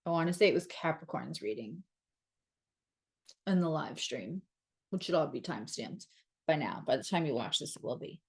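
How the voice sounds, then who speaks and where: Sarcastic, lower-voiced woman reading tarot. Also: expressive, moderate pace, gravelly, long pauses, darkish tone, husky. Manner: sarcastic, blunt, swears freely. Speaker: astrologer and tarot reader. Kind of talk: casual tarot reading to camera.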